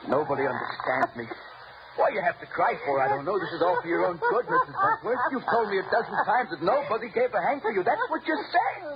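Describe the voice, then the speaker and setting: Guy doing a soft menacing gardener killer, old radio drama vibe, dull hissy sound. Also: mid-range voice, animated, fairly quick, natural voice. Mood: giggly unhinged. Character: young male gardener, creepy killer. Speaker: gardener George. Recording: lo-fi old radio recording with hiss.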